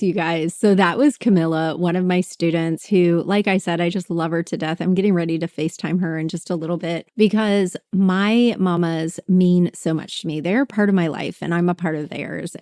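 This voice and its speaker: A woman's voice: on the low side, dry recording, clean studio sound. Gushing woman podcast host. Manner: warm, gushing, direct to listeners. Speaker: podcast host and birth coach. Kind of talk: podcast outro and ad read.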